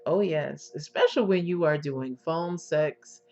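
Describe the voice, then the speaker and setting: A woman coaching her listeners in a lowish, sultry voice, drawing her words out very slowly. She checks in with "okay?" and calls the listener by pet names. The recording is dull and lo-fi, with faint music behind her. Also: darkish tone. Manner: slow, sultry, drawn-out delivery, often checking "okay?"; endearments to the listener. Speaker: intimacy coach. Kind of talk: instructional talk to women.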